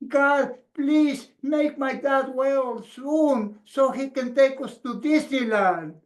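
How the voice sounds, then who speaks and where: A man voicing a small, earnest, hopeful boy in a high, pleading child voice. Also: slow pace. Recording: echoey room.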